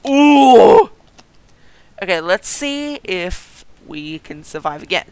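A gaming video host giving excited let's-play commentary, chatty with viewers, giggling and yelping at surprises. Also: mid-range voice, slow pace, smooth, no room sound, rough recording. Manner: chatty, talks straight to viewers.

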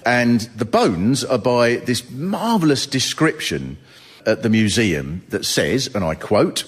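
A man doing stand-up comedy, telling stories with animated, mock-outraged outbursts. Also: medium pitch, slow, breathy edge, long reverb tail. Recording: noisy live recording with audience laughter.

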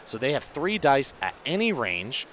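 A man's voice: medium pitch, big pitch swings, moderate pace, fairly bright tone, slight background noise. A man commenting on a tabletop game tournament in a casual, analytical way, explaining the rules in detail. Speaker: match commentator.

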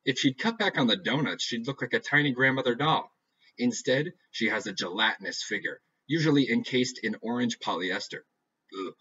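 A man reading a first-person novel aloud with a dry, deadpan delivery. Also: medium pitch, normal speed, breathy edge. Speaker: audiobook reader. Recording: dull lo-fi recording.

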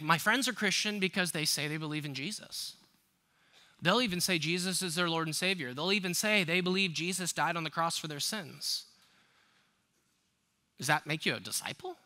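A man's voice: fairly high pitch, sharp tone. A man preaching a sermon as a pastor, emphatic and conversational, asking the congregation rhetorical questions. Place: church sanctuary.

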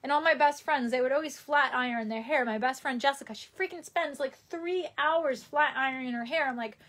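A young woman with a New York accent chats her way through a livestream, reading out viewer comments as she goes. Her voice sits high, and she rambles in a loose, easy flow full of fillers. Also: brisk, hardly any pauses, a bit bright. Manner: rambling and chatty, with many fillers and laughs.

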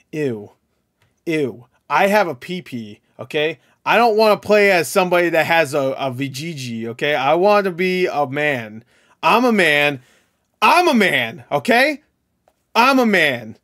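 Joking young man streaming live. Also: medium pitch. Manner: joking, crude, swings from mumbling to loud mock outbursts. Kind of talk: casual live-stream chat reading viewer comments.

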